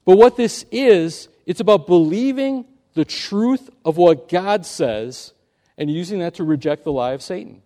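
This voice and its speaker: A man's voice: sits high, animated, a little slow, dark tone. A man preaching an earnest sermon, telling a story and pressing his points with rising emphasis. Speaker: pastor.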